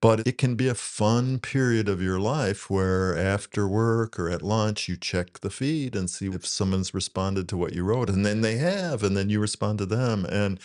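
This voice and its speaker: A man with a fairly low voice talks loosely about his work in a casual interview. He rambles a little and often breaks into laughter. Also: darkish tone, clear, resonant tone. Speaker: guest, net prov creator.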